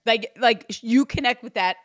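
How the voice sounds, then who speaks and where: Animated woman psychic medium, dry sound. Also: a little high, normal speed, no room sound. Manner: animated, acts out the spirit's voice in quotes. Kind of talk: spirit reading session.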